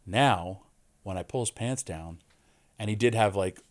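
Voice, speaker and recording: A man's voice: fairly low pitch, measured pace. A man, a wrestler guest on a podcast, telling stories in casual chat and acting out the lines of the people in them. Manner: animated storyteller, acts out quoted lines. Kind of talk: casual interview storytelling.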